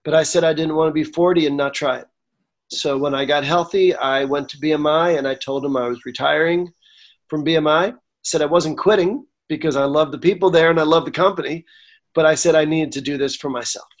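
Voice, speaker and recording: A man in his forties tells a story from his career, voice sitting a touch high. He acts out the dialogue with lively energy and sometimes gets emotional. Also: a little fast. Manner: animated, acts out quoted dialogue. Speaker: songwriter guest. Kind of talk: storytelling interview.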